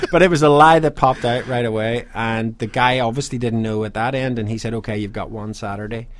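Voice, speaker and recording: A man's voice: medium pitch, fairly even intonation, fairly quick, a bit bright. A man, a singer-songwriter guest telling wry anecdotes in a casual chat. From Ireland. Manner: wry anecdotal storyteller, dry humor.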